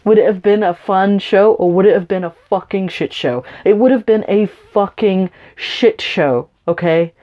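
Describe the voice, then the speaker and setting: A woman rants straight into her camera, swearing hard and dripping with sarcasm. Her voice is mellow and dark in tone, and she talks to the camera as if the person she is angry with were sitting in front of her. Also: mid-range voice, normal speed, hardly any pauses. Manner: profane, sarcastic and confrontational. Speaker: YouTuber.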